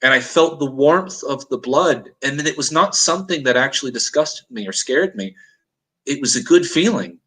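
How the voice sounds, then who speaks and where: Man, bright forceful voice, earnest dramatic storyteller, mid pitch. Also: animated, normal speed, low-quality recording. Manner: earnest, dramatic retelling with acted-out quotes. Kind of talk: intense personal storytelling.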